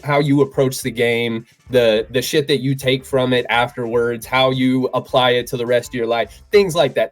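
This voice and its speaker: Laid-back man hosting a fight podcast. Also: mid-range voice. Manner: laid-back, swearing, says "bro" and "dude". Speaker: podcast host. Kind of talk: casual interview chat.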